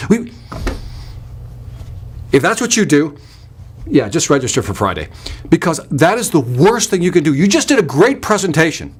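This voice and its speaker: Reading viewer comments aloud during his live sales webinar, a sales trainer talks with emphatic energy and punchy repetition. His voice is fairly high and slightly rough, at normal speed, and he pauses often.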